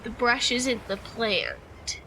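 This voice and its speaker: A woman's voice: a little high, very slow, sharp tone, a little hiss or hum, poor audio. A woman streaming a game, chatting casually and laughing easily as she plays. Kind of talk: casual gameplay commentary.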